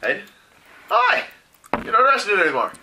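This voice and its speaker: A loud, slangy partygoer played by a man at a tabletop game jumps around in pitch with bright, teasing cheer. The voice sits in a noisy home recording. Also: wildly swooping pitch, moderate pace, vocal fry, exaggerated voice. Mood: jovial.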